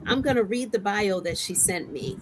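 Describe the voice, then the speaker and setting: Woman host, enthusiastic, effusive praise, mid-pitched voice, noisy video call audio. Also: moderate pace. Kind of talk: live stream hosting.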